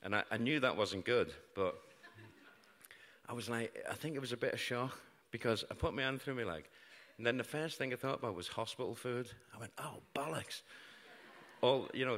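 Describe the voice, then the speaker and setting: A middle-aged British man tells a true story on stage to an audience in a large hall, finding wry, self-mocking humour in grim events. His British English voice is mid-range and fairly bright, and he speaks fairly quickly. The live recording carries long reverb.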